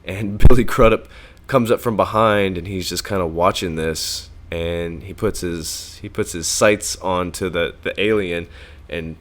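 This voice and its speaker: A man co-hosting a casual film podcast, animated and profane, acting out movie lines as he talks. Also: sits low, measured pace. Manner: animated, swearing, acts out movie lines in bursts. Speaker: podcast co-host.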